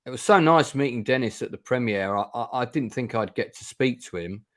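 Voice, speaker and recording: Over a video call, a man hosts a casual film chat in a chatty, wry manner, with dry sarcasm and plenty of restarts. His medium-pitched voice is animated and fairly quick.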